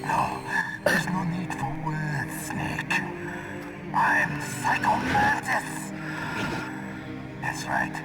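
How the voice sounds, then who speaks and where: A menacing male psychic villain from a video game with a slight Russian accent, speaking slowly in a high voice that swoops wildly between lofty declarations and hushed whispers. Loud game music plays behind him. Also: huge pitch swings, full character voice, rough recording. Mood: taunting. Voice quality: sweeping sing-song delivery with hushed whispers.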